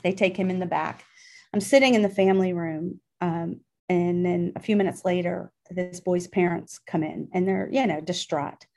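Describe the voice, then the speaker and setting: A woman's voice: on the low side, fairly even intonation, moderate pace, gravelly, warm tone. A middle-aged woman from Pittsburgh, a guest in an interview, telling a personal story in an earnest, emotional way, with many ums and restarts. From Pittsburgh, Pennsylvania.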